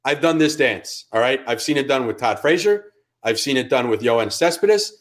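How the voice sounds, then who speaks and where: A man's voice: medium pitch, lively intonation, normal speed. Heated new york-accent guy ranting on a sports podcast, swears a lot. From Connecticut. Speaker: podcast co-host. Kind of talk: casual chat.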